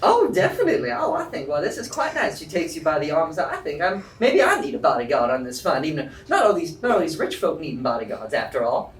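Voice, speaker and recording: A man voicing a fussy, doting elderly female halfling mother in a tabletop game, with flustered high exclamations. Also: wildly swooping pitch, fast. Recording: roomy distant mic, faint music.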